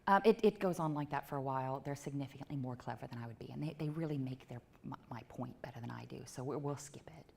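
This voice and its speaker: A woman giving a talk at a technology meetup in a playful, self-mocking way, with quick asides to the audience. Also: a bass voice, gravelly, warm tone, a little hiss or hum. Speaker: conference speaker. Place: event venue before a live audience.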